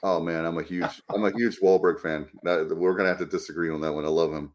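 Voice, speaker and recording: A man's voice: deep voice, steady tone, fast talker. A man hosting a casual sports chat, rambling with enthusiasm, steering the talk. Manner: enthusiastic, rambling, runs the show. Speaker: podcast host.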